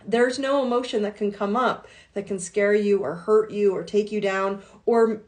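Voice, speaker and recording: A woman's voice: mid-range voice, darkish tone. A woman coach giving an earnest, encouraging live-stream talk full of repeated affirmations. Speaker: life coach.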